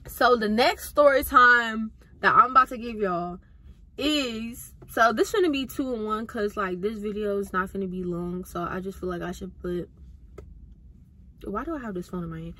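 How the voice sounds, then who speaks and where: A woman's voice: mid-range voice, moderate pace, pushed and bright. A young woman casually telling a storytime to her viewers, chatty and full of slang. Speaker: vlogger.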